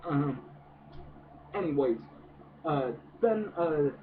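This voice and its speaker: A man's voice: fairly high pitch, animated, slow pace. A man giving a casual, profane movie rant, hesitant and full of fillers. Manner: hesitant, many fillers, swears a lot. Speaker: movie reviewer. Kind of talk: casual ranting film review. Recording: distant noisy phone-like audio.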